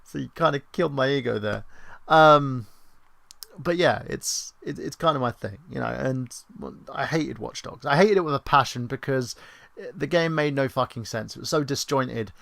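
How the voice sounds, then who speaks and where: A British man in his thirties chats on a livestream, his voice gravelly at the bottom and recorded dry and close. He rambles from topic to topic with sarcastic, self-mocking asides and casual swearing. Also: mid-range voice, normal speed, fairly bright tone, dry recording. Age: 30s. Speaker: livestream host.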